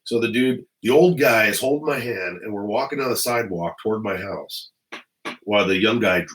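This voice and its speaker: A man's voice: on the low side, moderate pace, a bit bright, slight background noise, rough recording. A middle-aged man from the Los Angeles area, a former police officer, telling stories to the camera at home in a blunt, heavily profane way. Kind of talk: casual storytelling to camera. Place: at home indoors.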